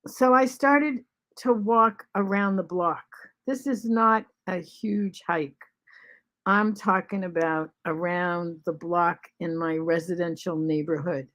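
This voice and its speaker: A woman of seventy-three talking in a halting, soft way at home, pausing with many ums and restarts. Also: on the low side, fairly even intonation. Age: 70s. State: short of breath after covid. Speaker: vlog host. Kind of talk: casual spoken reflection.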